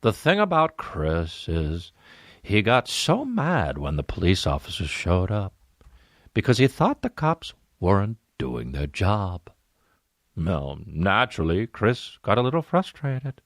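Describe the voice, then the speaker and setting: A man's voice: low voice, big pitch swings, no room sound, studio quality, exaggerated voice. A man doing a brooding true-crime narrator. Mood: mock-ominous. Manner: drawn-out, ominous pauses.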